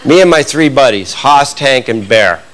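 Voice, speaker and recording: A Canadian man doing stand-up comedy, telling a long animated story to a club audience. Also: medium pitch, normal speed. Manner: animated, building to excited outbursts with audience laughter. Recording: noisy live club recording.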